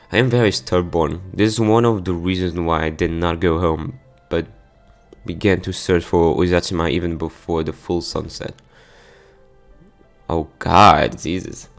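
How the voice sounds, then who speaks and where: A low, steady male voice moves at a normal pace while faint music plays behind him. He's reading a visual novel aloud for his gameplay channel, mostly plainly, though he stumbles over words now and then and breaks into sudden outbursts.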